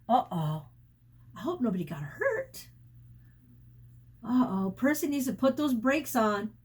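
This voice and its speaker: A woman teacher reading a picture book aloud to children, pausing often to explain words and adding sound effects and asides. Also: fairly high pitch, sing-song, a little mellow, slightly rough.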